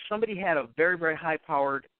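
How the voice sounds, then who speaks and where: A man hosting a radio talk show, speaking haltingly and repeating words as he builds his point. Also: fairly high pitch, no room sound, narrow, tinny audio. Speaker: radio host. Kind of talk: casual radio conversation.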